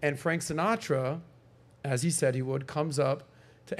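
A man hosting a podcast, telling a story in a lively casual way and acting out the people in it. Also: fairly high pitch, measured pace. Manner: animated storyteller, acts out quoted voices. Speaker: podcast host. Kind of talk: casual chat.

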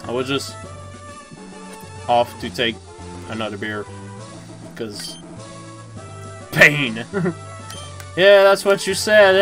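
A young adult streamer offers casual, excitable commentary while gaming, swearing, laughing often and stammering, in a medium-pitched voice.

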